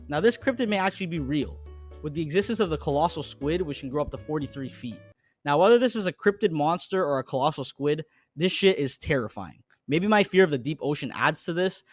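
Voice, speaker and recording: Fast-talking crude comedy narrator, man. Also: on the high side, dry recording. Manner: crude, jokey, deadpan asides.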